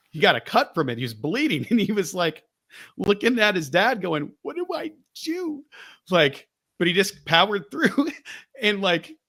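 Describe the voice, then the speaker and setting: Guy co-hosting a podcast, bright voice, tells stories all animated. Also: a little high. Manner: animated, acts out quoted voices. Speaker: podcast co-host. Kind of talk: casual storytelling.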